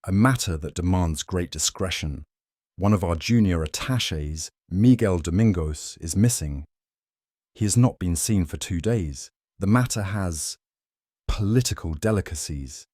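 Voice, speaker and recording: A man voicing a slight, watchful priest with a Portuguese accent who speaks in a low, cautious, guarded way. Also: expressive, a little slow, warm tone, no room sound, clean studio sound.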